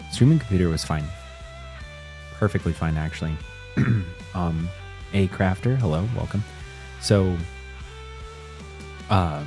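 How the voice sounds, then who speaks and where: Low-voiced guy streaming games from home, chill and chatty, guitar music playing under him. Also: dark tone. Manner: laid-back, chatty, greets viewers by name. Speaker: gaming livestream host. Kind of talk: casual live stream chat. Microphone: desk mic, moved close.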